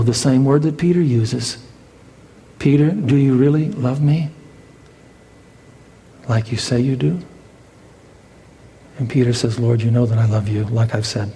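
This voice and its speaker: A man's voice: mid-range voice, warm tone, a little hiss or hum. A male pastor preaching a sermon, dramatic, his voice climbing as he voices the exchange between Jesus and Peter. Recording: long hall reverb.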